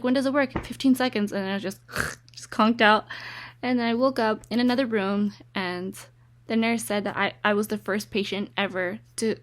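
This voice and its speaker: A woman's voice: mid-range voice, no room sound. A young woman talking candidly in a casual recovery vlog from her bed, out of breath, rambling and laughing now and then. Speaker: vlogger. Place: bedroom, lying in bed.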